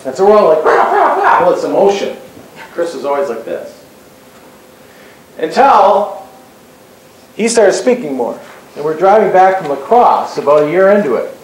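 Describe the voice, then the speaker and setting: A man with a high voice tells an audience a story about an employee of his. He talks loosely, tossing in asides, and his voice rings through a very echoey hall with faint noise underneath. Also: lively intonation, moderate pace, pauses often. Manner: conversational, asides like "right?". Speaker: employer and co-presenter.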